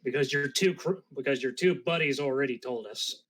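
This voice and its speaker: A man playing a tabletop game, talking in character in a gruff, scornful way. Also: mid-range voice, fairly quick, fairly bright tone. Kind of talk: in-character role-play.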